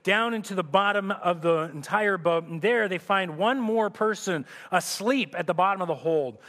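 A man's voice: high voice, normal speed, a bit bright. A male pastor preaching a sermon, telling a story vividly and often restarting his phrases. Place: church sanctuary. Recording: echoey church hall reverb.

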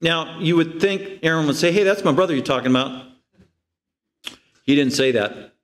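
Man, pastor, sermon, fairly high voice, animated, rhetorical questions, emphatic scripture reading. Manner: reads scripture slowly and emphatically. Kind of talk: expository sermon.

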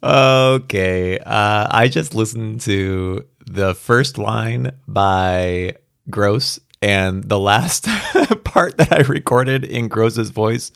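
A man's voice: on the low side, vocal fry, no room sound, studio quality. A man reading a science fiction story aloud and then chatting casually about it, with fillers and laughs. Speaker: audiobook reader. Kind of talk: story narration and casual commentary.

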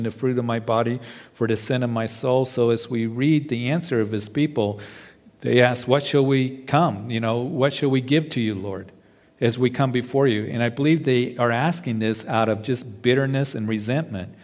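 A man preaching a sermon as pastor, reading scripture aloud and explaining it, now and then pausing on fillers. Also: mid-range voice, a little mellow. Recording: long hall reverb.

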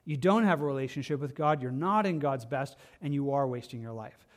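A man preaching a sermon as pastor, impassioned, repeating phrases and swinging from loud emphasis to quiet asides. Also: medium pitch, fairly quick. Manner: impassioned, rises and drops sharply for emphasis.

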